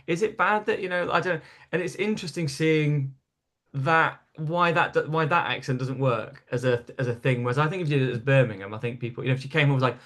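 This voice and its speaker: Animated Geordie comic, slightly high voice. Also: male voice, fast. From North East England. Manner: animated storyteller, laughs at his own stories. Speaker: comedian guest. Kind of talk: casual chat.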